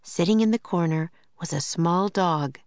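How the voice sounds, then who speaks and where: A woman narrating a children's storybook in a gentle, steady way. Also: on the low side, moderate pace, smooth, no echo.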